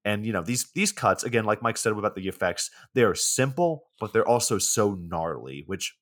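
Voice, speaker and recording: A man's voice: on the low side, lively intonation, normal speed, fairly bright tone. A man hosting a casual podcast, retelling a film's plot in a laid-back, wry way with plenty of swearing. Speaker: podcast host. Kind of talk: casual movie plot recap.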